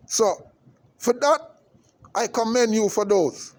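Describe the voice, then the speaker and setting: A man's voice: high voice, slow, pauses often, darkish tone. A Jamaican man giving an impassioned political rant to camera, emphatic and repetitive, often checking in with his listener. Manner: emphatic and repetitive, with frequent tag questions. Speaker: vlogger.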